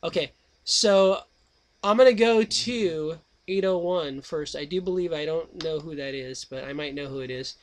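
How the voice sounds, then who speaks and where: A man's voice: fairly high pitch, moderate pace, a little hiss or hum. A man hosting a call-in radio show, chatting in a rambling, scatterbrained way and breaking into snatches of song. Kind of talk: casual call-in radio chat.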